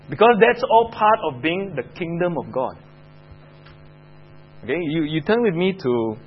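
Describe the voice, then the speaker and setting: A man's voice: fairly high pitch, muffled recording, a little hiss or hum. A man with a Singaporean English accent teaching a Bible lesson to children, chatting and asking the class questions.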